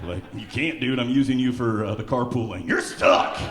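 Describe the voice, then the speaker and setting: A man performing a stand-up comedy set on a club stage who breaks into loud, shouted character voices. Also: mid-range voice, normal speed. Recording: echoey club with loud crowd. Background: audience laughter.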